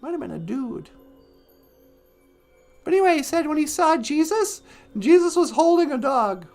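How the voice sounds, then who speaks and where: A man voicing a chatty, giggly aunty who hosts a comedic call-in show, rambling in a high, sing-song voice. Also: very animated, moderate pace, darkish tone, faint music behind, exaggerated voice. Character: chatty, giggly middle-aged aunty woman. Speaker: host.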